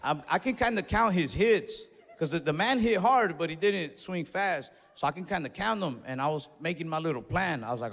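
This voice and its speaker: A young man telling a stand-up story in a laid-back, swearing way, acting out his own yells. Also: a little high, expressive, normal speed, few pauses. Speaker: stand-up comedian. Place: comedy club stage. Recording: live stage recording in a reverberant hall.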